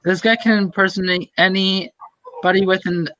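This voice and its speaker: A young man in casual group voice chat, rambling and halting, full of fillers and restarts. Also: high-pitched, fairly even intonation, pushed and bright, no room sound. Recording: dull lo-fi voice chat audio.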